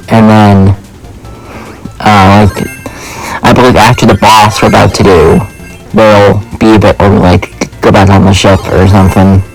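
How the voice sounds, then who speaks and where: A young man hosting a let's play, chatting casually as he plays. His voice sits low with a gravelly fry. He rambles, fills gaps with uh and like, and makes fun of himself. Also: poor audio. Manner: rambling, full of uh and like, self-deprecating. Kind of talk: casual gameplay commentary.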